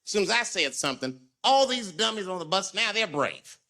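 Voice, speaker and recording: A man doing stand-up, telling a profane story in a high voice that swings up and down. His tone is bright and sharp, and he acts out everyone's voices as he goes. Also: a little fast. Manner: animated storytelling, acting out people's voices; profane and conversational. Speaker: stand-up comedian. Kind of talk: stand-up comedy routine.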